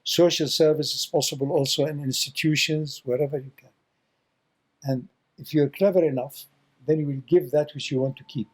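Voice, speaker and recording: A man's voice: fairly high pitch, fairly even intonation, normal speed, rough recording. A man giving an informal spiritual talk as a Sufi teacher, telling stories with blunt, teasing remarks and repeating words for emphasis.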